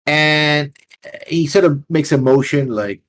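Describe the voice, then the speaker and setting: A man's voice: on the high side, takes it slowly, no room sound. A man narrating as a tabletop game master in a casual way, with many fillers.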